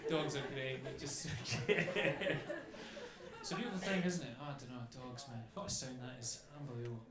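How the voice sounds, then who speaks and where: A man doing stand-up on a club stage speaks chattily into a handheld mic, appending "okay?" to his lines. His mid-range voice is brisk, a loud crowd can be heard, and the club is echoey with faint ambience.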